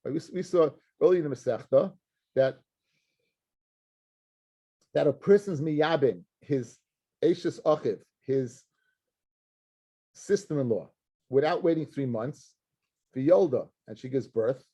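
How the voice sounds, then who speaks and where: A middle-aged rabbi walks his students through a Talmud page, his voice pitched a little high and slightly husky. He talks animatedly, mixing English with Hebrew and Aramaic terms. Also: a little slow, long pauses, warm tone. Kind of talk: Talmud class lecture.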